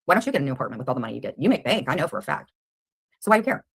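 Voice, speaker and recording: A woman on a livestream, confronting a rival head-on with rapid, combative questions. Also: a bass voice, very animated, breathy edge.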